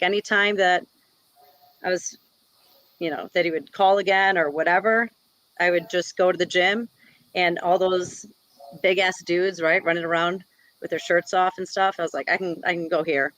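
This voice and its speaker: Woman martial arts coach, relaxed chatty guest, lots of fillers, dry close mic. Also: fairly low pitch, moderate pace, no echo, low-quality recording. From Wisconsin, US. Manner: chatty, many "like" and "you know" fillers. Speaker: guest, jiu-jitsu black belt and instructor. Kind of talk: casual interview talk.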